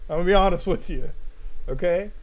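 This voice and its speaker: A young man streaming, ranting casually and profanely, now and then breaking into loud shouts and laughter. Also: high-pitched, fast talker. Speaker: streamer reacting to videos.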